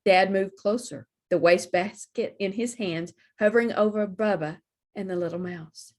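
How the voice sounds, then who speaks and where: A woman librarian reading a children's picture book aloud for storytime, slow and expressive. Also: medium pitch.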